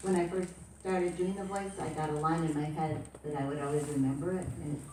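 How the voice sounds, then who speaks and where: A woman, a voice actor on a convention panel, relaxed and laughing often, recorded far off in an echoey hall with a crowd. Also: deep voice, fast, slight background noise.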